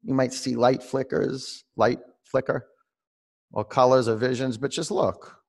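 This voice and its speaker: Male yoga teacher w/ a gravelly mid voice, calm coaching, calls students by name. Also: mid-range voice, measured pace. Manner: calm, meditative coaching with direct instructions. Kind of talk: guided online yoga class.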